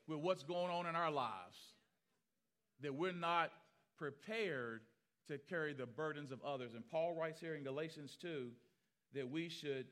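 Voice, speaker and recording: A man preaching as pastor, telling stories animatedly and acting out the people he quotes, swinging from loud to hushed. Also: a little high. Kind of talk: sermon storytelling.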